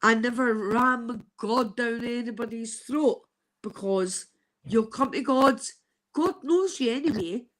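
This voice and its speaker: A woman in her fifties speaks slowly and earnestly in a fairly high voice. She gives a heartfelt testimony on a live stream and drops casual swear words as she goes. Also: a bit bright. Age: 50s. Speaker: guest sharing a personal testimony.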